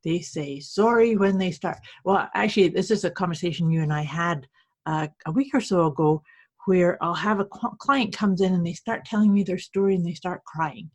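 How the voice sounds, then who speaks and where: A woman's voice: on the low side, moderate pace, darkish tone, breathy edge. A woman co-hosting a podcast, chatting casually as a therapist and affirming her co-host. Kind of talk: casual chat.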